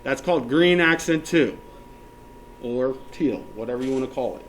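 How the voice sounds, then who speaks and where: A man's voice: mid-range voice, animated, moderate pace, a little hiss or hum. Male teacher walking a class through steps. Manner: checks in often with the class, counts options aloud. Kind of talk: classroom software tutorial.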